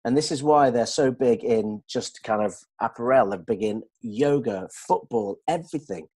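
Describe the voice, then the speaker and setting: A man explaining communication ideas to colleagues in an animated way, checking that they follow. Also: mid-range voice, moderate pace, breathy edge. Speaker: dental communication trainer. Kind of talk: explanatory discussion.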